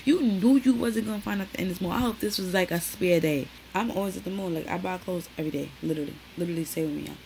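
A young woman talks straight to her viewers in a loose, chatty way, full of "like" and "y'all". Her voice sits a little low, and a faint room hum runs underneath. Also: fast talker, gravelly, hardly any pauses, darkish tone, low-quality recording. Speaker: vlogger. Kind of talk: casual chat to camera.

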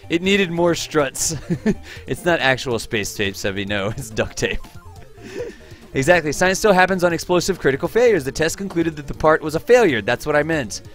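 Excitable man streaming a space game. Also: on the high side, moderate pace, soft background music. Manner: chatty, excitable, reads chat aloud, laughs often. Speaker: livestream game host and teacher. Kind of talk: live gameplay streaming chat.

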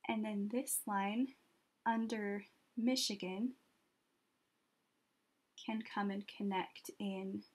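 A woman teaching children an art lesson step by step, patient and gently encouraging, often pausing as she draws. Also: medium pitch, fairly even intonation.

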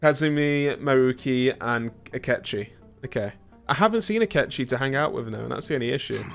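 A man's voice: medium pitch, lively intonation, fairly quick, vocal fry, faint music behind. A man streaming a video game, rambling and joking with his chat, with a British accent. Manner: rambling, self-mocking, talks to chat. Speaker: gaming streamer. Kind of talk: casual let's-play commentary.

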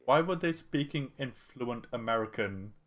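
Animated man reacting to a film. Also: medium pitch, moderate pace. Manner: animated, swears, laughs a lot. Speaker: reaction video co-host. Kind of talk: casual reaction chat.

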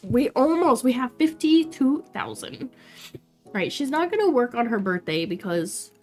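A woman's voice: fairly high pitch, very animated, moderate pace, a little mellow, faint music behind. A woman in her twenties chatting casually and bubbly with viewers while streaming a game, laughing often. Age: 20s. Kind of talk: casual livestream chat while playing.

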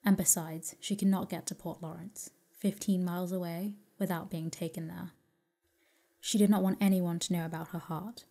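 A woman softly reading a classic novel aloud as a calm, gentle sleep story. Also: fairly low pitch, normal speed. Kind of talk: soft sleep story narration.

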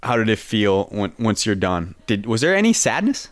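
A man's voice: on the low side, very animated, moderate pace, dry recording. A man hosting a podcast, asking curious questions in a casual manner and swearing freely. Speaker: podcast host. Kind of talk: casual interview chat.

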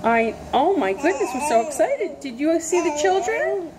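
A woman's voice: sits high, animated, moderate pace, a loud crowd. A young woman reading a picture book aloud to a baby in gushing, sing-song baby talk, full of exaggerated wonder.

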